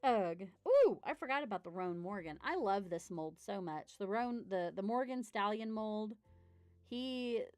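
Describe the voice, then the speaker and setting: A woman, chatting casually while unboxing model horses, telling stories and getting loud and excited. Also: on the low side, no echo. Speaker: model horse collector vlogger.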